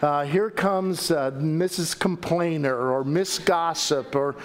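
A male pastor preaching a sermon in church, jokey and animated, acting out quotes. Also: slow. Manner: animated, jokey, acts out quotes with big pitch swings. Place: church sanctuary.

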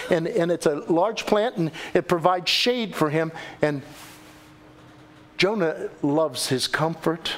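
A male pastor preaching a sermon, telling the story with animated delivery and acting out the quoted voices. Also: fairly high pitch, slight background noise.

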